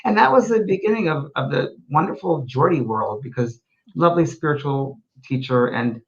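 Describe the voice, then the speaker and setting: A man's voice: a little high, normal speed, lo-fi sound. A man, a spiritual medium, hosting a casual talk show, telling stories animatedly with frequent restarts. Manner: animated storyteller with many restarts.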